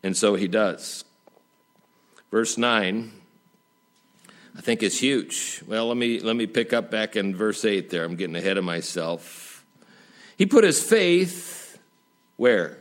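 A man's voice: lively intonation, takes it slowly, long pauses. Conversational male pastor preaching. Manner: conversational preaching with rhetorical questions and folksy jokes; dynamic, swinging between emphatic highs and quiet drops. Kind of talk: sermon.

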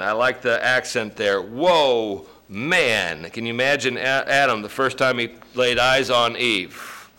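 A man preaching a sermon, joking with the congregation and breaking into loud emphasis. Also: medium pitch, a little slow, hardly any pauses, clear, resonant tone. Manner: folksy, joking asides with sudden loud emphasis. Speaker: pastor.

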